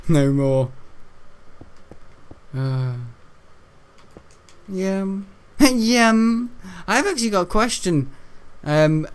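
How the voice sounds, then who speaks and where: A man's voice: medium pitch, clear, resonant tone. A young man from Britain, rambling and giggling as he tells a school story while playing a game. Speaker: gaming video host. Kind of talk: casual gameplay commentary.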